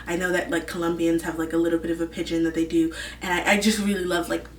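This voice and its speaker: A young woman chats away in a low-ish voice, rambling and gushing with a "like" in almost every breath. She sits some distance from the mic in an echoey room with a faint hiss behind her. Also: flat delivery, fast. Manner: rambling, gushing, full of "like" fillers. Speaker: vlog host. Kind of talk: casual chat.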